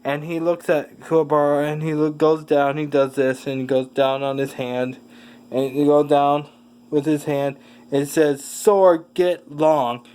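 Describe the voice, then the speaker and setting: A speaker casually retelling a fan story, halting often with fillers and correcting themself mid-sentence. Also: mid-range voice, little pitch movement, darkish tone, clear, resonant tone, low-quality recording.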